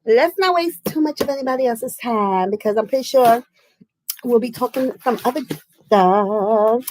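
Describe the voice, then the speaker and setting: An American woman hosting a crafting livestream chats casually and effusively, laughing often. Her voice is on the high side with a darkish tone and normal pace, captured in a low-quality recording.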